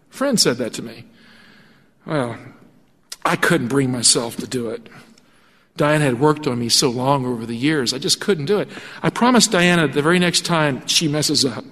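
A male pastor telling a story in a sermon, animated and acting out the voices of the people in it. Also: fairly high pitch. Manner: animated storytelling with acted-out quotes. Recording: long hall reverb.

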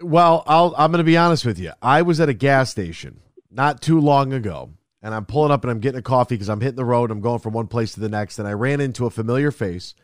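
A man on a casual radio chat, telling lively stories and acting out both sides of conversations. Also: medium pitch, fast, no room sound, clean studio sound. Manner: lively storyteller, acts out exchanges.

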